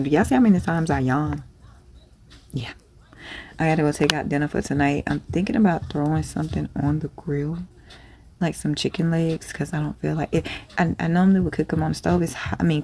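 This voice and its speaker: A woman's voice: deep voice, steady tone, fairly quick, vocal fry, darkish tone, slight background noise. A woman who sells clothes online, talking in a casual vlog in a rambling, blunt, profane way. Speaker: small online clothing seller.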